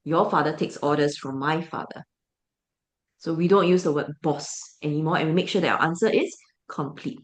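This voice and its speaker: A woman's voice: low-pitched, normal speed. A woman teacher with a Singaporean English accent walks a class through how to answer questions. She keeps asking the students questions and then answering them herself. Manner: explanatory, asks the class rhetorical questions.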